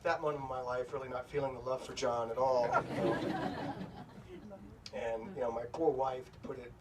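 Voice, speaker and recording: A man's voice: medium pitch, little pitch movement, a little fast, over a noisy crowd. Middle-aged guy telling a funny story at a bookstore, kinda far off mic, lots of hiss. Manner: storytelling, self-deprecating, loose with fillers. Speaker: author speaking at a bookstore event. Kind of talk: anecdote told to a live audience. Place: bookstore event room. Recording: distant, noisy room recording.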